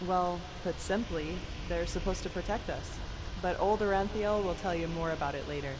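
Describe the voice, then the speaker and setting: Game voice, woman playing a thoughtful healer mage, lowish voice, audible background noise. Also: normal speed, natural voice. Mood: explaining. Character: calm female mage healer, mysterious. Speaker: game character.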